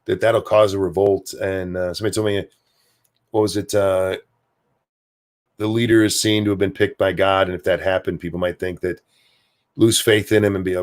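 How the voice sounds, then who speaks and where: A man with a lowish voice talks loosely on a home livestream, drifting between thoughts and swearing offhandedly. He reads viewer comments aloud and answers them in an easygoing, unscripted way. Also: fairly even intonation, a little fast. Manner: rambling, profane, offhand. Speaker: livestream host. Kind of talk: casual livestream chat, reading viewer comments.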